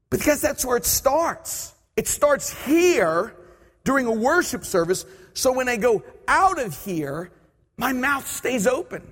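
A man preaching a sermon, telling a personal story with animated asides and acting out his own thoughts. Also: very high-pitched, a little slow. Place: church service. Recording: reverberant church hall.

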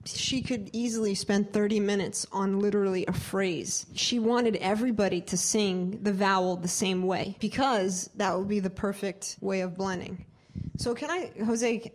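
Woman leading a singing workshop. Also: medium pitch. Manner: interactive, asks the group questions; demonstrates by singing words. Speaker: choir director and singing teacher.

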